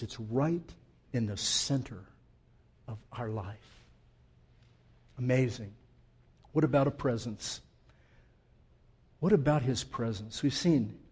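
Impassioned male preacher, mellow tone. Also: fairly high pitch, slightly rough. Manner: impassioned, swinging from hushed to loud emphatic preaching. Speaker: pastor. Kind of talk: sermon.

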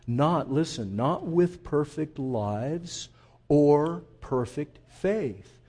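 A pastor delivers a sermon in a fairly high voice. He talks to the congregation like friends, calling them folks. He drops to hushed intensity, then rises to loud emphasis. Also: animated, extremely slow. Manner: conversational preaching, addresses listeners as folks; shifts between quiet intensity and loud emphasis.

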